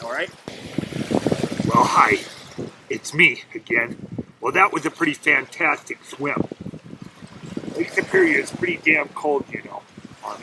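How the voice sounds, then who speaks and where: A man's voice: a little high, background noise. A man chatting casually into his laptop on a lakeshore beach, rambling through a story and his day. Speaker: vlogger. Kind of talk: casual outdoor video diary. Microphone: laptop webcam.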